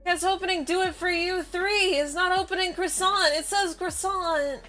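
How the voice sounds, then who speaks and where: High-voiced baffled woman streamer. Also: fairly even intonation, moderate pace, bright, forceful tone, soft background music. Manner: baffled and rambling, breaking into laughter. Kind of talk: casual live-stream chatter.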